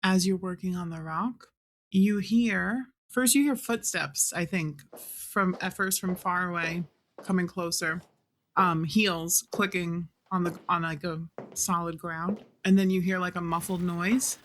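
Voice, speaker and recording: A woman narrating as game master in a tabletop game, describing scenes in a measured way. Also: on the low side, steady tone, a little hiss or hum.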